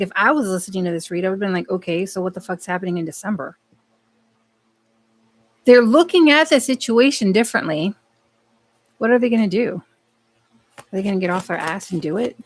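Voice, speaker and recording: A woman giving a live tarot reading in a casual, blunt way, swearing often and talking back to the cards. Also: medium pitch. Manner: blunt, profane, talks to the cards and to herself. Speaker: tarot card reader.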